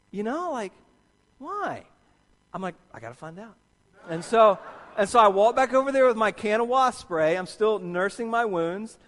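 Man, pastor, sermon, high voice, animated storytelling, long hall reverb. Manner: animated storyteller, acts out his own reactions. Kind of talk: sermon with personal anecdote.

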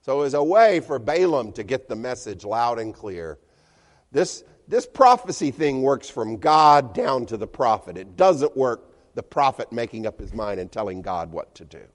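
A man's voice: medium pitch, very animated, normal speed. A male pastor preaching a sermon in a chatty, storytelling way with chuckles, to a church congregation. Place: church hall. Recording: long church-hall reverb.

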